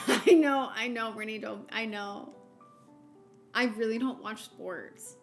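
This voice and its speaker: Over faint background music, a young American woman chats with her stream viewers while gaming, reading their messages and laughing a lot. She talks slowly in a slightly high voice, full of giggles and filler words.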